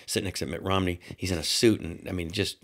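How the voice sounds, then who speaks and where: A man's voice: sits low, fairly even intonation, fast talker, fairly bright tone. A middle-aged man, a comedian guest, telling a rambling anecdote in casual chat, interrupting himself and acting out quotes. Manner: rambling, self-interrupting storyteller who acts out quotes.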